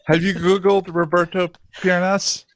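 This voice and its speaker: A man's voice: sits high, level tone, measured pace, dry recording. A man in a casual chat, talking in a playful, teasing way.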